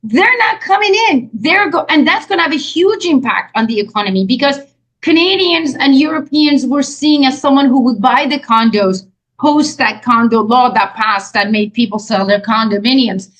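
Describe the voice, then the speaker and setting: A woman's voice: high voice, lively intonation, normal speed, a bit bright, low-quality recording. A woman co-hosting a casual political chat, telling examples emphatically and chiming in with agreement. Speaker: co-host. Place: home, lives by the ocean in Florida.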